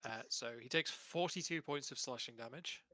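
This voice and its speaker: A man's voice: mid-range voice, normal speed, pushed and bright. A man playing in a tabletop game on a call, stating his rolls and rules in a plain, matter-of-fact way. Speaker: player.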